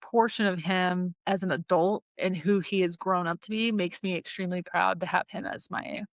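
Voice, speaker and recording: A woman in her thirties, a podcast guest talking as a daughter, tells casual stories packed with fillers and quoted voices. Her pitch is fairly low, her intonation fairly even, and her speed normal, in studio-quality sound with no room noise.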